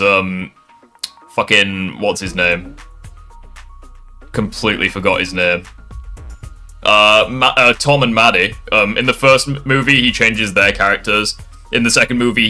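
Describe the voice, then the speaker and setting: A man's voice: fairly low pitch, sharp tone. A young man reacting live to a video, sarcastic and exasperated, swearing often.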